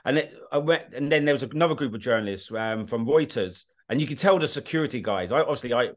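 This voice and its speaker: British man, podcast guest, blunt and animated storyteller with a mid-pitched voice. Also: fast. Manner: animated, blunt, swears, often asks "do you know what I mean". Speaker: guest, war documentary filmmaker. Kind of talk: casual interview storytelling.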